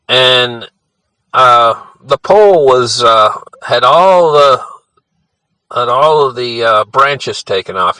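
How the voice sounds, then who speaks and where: A man's voice: medium pitch, sharp tone, no room sound, poor audio. An older man telling a childhood story in a casual, rambling way, often adding "you know" and restarting his sentences.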